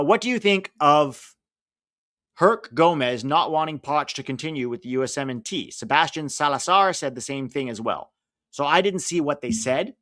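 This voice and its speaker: A man's voice: a little high, fairly bright tone, no echo, clean studio sound. A man with an American accent hosting a casual live watch-along, chatting with viewers and reading out team lineups and chat messages. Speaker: live stream host.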